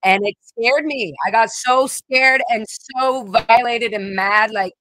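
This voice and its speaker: A woman's voice: fairly high pitch, takes it slowly, bright, forceful tone, a little hiss or hum, low-quality recording. A woman hosting her own vlog, telling a personal story in a rambling, emotional way with many fillers and restarts. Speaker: vlog host.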